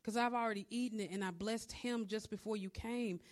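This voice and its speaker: A woman's voice: on the high side, steady tone, fairly quick, pitched above the performer's own voice, lightly acted. A woman preacher voicing the aged father Isaac, bewildered and trembling, in her own voice. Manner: trembling disbelief.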